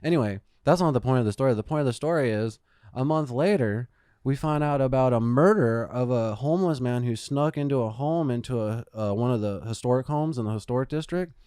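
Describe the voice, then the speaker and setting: A man's voice: mid-range voice, fairly quick, dark tone, clear, resonant tone, no echo, clean studio sound. A man co-hosting a podcast, telling rambling, profane stories in casual chat. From Phoenix, Arizona. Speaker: podcast co-host.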